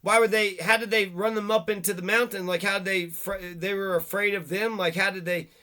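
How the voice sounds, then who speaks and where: A man with a high voice reads local history aloud and trips over words. He then breaks into profane, ranting commentary with a bright, sharp edge. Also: steady tone, brisk. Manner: profane, stumbles over words while reading. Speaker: video host.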